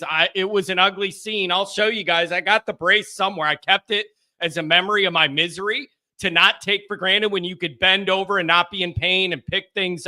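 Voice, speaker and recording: A high, very bright male voice that tends to shout its punchlines. He hosts a live fan stream with a rowdy, excitable, joking manner, and he riffs on viewer comments. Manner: rowdy and excitable, jokey, shouts bits for effect. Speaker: host of a fan call-in show.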